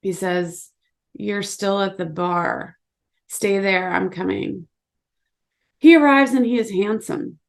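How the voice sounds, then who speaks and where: Gravelly woman reading fiction aloud. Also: mid-range voice, takes it slowly, pauses often. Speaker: author reading her story. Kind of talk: literary reading, second person.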